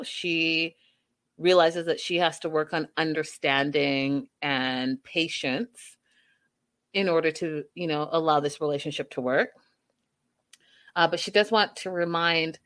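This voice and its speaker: A woman giving a casual, animated recap of a reality show, acting out quotes and laughing as she goes. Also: deep voice.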